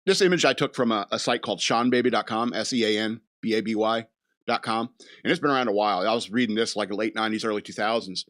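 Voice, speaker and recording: A man's voice: fairly low pitch, fast talker, a bit bright. A man hosting a casual chat show, rambling from thought to thought with chuckles in between. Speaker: podcast host.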